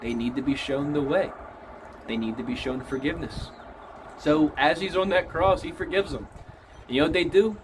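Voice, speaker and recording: A man with a slightly high voice talks through a film in a loose, casual way, swearing freely as he retells the scenes with feeling. A faint steady noise sits under his voice. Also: normal speed. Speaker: movie reviewer. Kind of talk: casual film review monologue.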